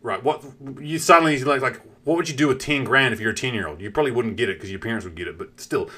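A male streamer telling a long story to his chat in an animated way, swearing freely and greeting viewers. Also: mid-range voice, fast. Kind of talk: casual live-stream storytelling.

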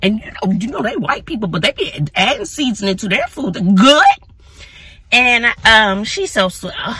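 A woman vlogging casually to her phone from her car, chatty and animated, talking to viewers as y'all. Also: fairly high pitch, normal speed, husky. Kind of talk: casual vlog talk to camera. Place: in or near her car outdoors in sun.

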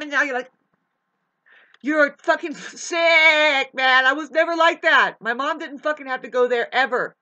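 A woman's voice: high voice, normal speed, bright, forceful tone. A woman delivering a heated, preachy vlog monologue, swearing often as she lectures her listeners. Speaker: vlogger. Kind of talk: profane ranting monologue.

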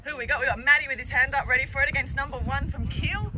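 A woman giving chatty, excitable live commentary on an amateur match from the sideline, laughing easily. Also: high-pitched, fast talker. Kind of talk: casual live sports commentary. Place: outdoors at a sports field sideline. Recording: outdoor sideline with crowd noise. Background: spectators cheering and chatting.

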